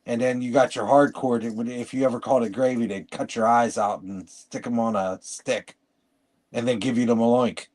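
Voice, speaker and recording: A man's voice: medium pitch, fairly even intonation, moderate pace, a little mellow. A man co-hosting a casual podcast chat, rambling through stories with lots of restarts. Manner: rambling, storytelling, frequent restarts. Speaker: podcast co-host.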